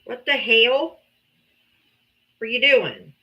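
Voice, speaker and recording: A woman's voice: fairly high pitch, lively intonation, very slow, dull audio. A woman hosting a live debate stream, talking casually and bluntly, with frequent swearing and exasperation. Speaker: livestream debate host. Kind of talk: casual livestream talk.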